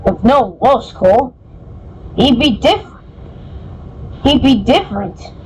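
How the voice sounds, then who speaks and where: A woman's voice: fairly high pitch, lively intonation, slow, a little mellow, slight background noise, low-quality recording. A woman voicing a polite, deferential male engine fireman in a storybook. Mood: respectful.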